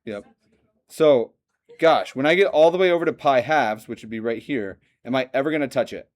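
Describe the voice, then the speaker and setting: A man teaching a math lesson to a classroom, lively and joking, often asking the students questions. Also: mid-range voice, normal speed. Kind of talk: classroom lecture.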